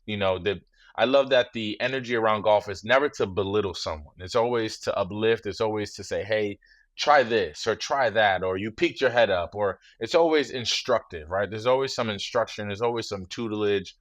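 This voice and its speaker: A man in his thirties talks as a guest in a relaxed interview. His low voice is measured and reflective, and he often drops in "you know." The recording is close and dry. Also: dry recording. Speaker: guest, former football player.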